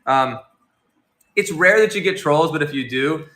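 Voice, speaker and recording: A man's voice: fairly high pitch, animated, measured pace, a bit bright. A man hosting a casual livestream, chatting loosely and reading out and answering viewer comments. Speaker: livestream host.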